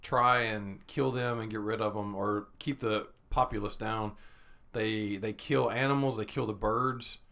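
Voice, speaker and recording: A man chatting casually on a podcast, blunt and quick to swear. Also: on the low side, fairly even intonation, creaky, pushed and bright. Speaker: podcast co-host. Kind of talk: casual chat.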